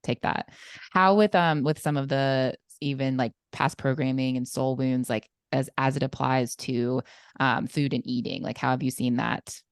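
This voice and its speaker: Very deep-voiced woman podcast host. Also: steady tone, normal speed, clean tone, no room sound, studio quality. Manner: short affirming responses and follow-up questions. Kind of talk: casual podcast interview.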